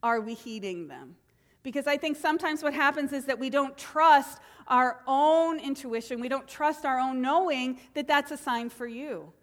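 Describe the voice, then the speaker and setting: A high-voiced middle-aged woman preaches to her congregation. She is animated and slips into acted voices for quotes. Her voice rings with a long hall reverb. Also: moderate pace. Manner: animated, acts out quotes with voice changes. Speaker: minister. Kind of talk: sermon.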